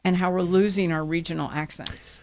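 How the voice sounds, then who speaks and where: A woman's voice: fairly low pitch, fairly even intonation, brisk, darkish tone. A woman co-hosting a casual radio talk show, chatting in a conversational way.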